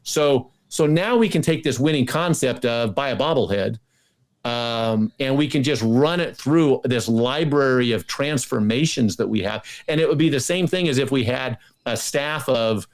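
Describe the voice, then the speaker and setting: A man's voice: mid-range voice, normal speed. A man as a guest in an interview, talking casually and eagerly, often restarting and repeating words. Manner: enthusiastic, many restarts and repetitions.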